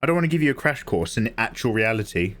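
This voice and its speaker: A man livestreaming while he draws, talking casually with viewers and riffing on jokes. His pitch sits in the middle, but it swings up and down a lot as he goes. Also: sing-song, fast, a bit bright. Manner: joking, chatty. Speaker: livestreaming artist. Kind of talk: casual chat while drawing.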